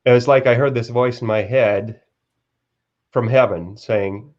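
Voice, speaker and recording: A man's voice: medium pitch, fairly even intonation, darkish tone, dull audio. A man who is a guest author, earnestly telling a personal story in a live-stream interview, often restarting his sentences. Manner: earnest, halting with repeated restarts.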